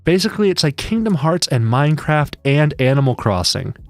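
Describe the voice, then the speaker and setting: A man's voice: on the high side, big pitch swings, brisk, no room sound, soft background music. Rambling jokey male streamer. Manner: rambling, jokey, many restarts. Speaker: live streamer. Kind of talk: casual live-stream chat.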